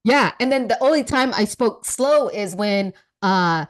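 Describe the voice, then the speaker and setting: A woman's voice: mid-range voice, lively intonation, unhurried. A woman from the United States, a podcast guest, chatting in a playful way and laughing easily. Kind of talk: casual podcast chat.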